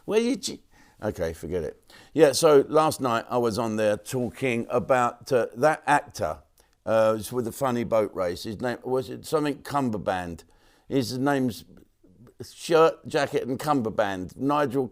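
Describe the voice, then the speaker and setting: A man's voice: expressive, normal speed. Joking man hosting a show. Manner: jokey, swears, swoops up into high mock voices. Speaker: host of a live online show. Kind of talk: casual comic monologue.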